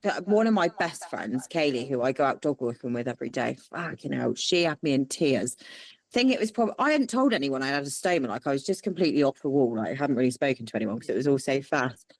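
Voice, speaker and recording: Woman, lively sing-song delivery, salty storyteller, dry mic. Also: extremely low pitch, fast talker, no room sound. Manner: swears freely, laughs while telling stories. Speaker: guest. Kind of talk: candid storytelling interview.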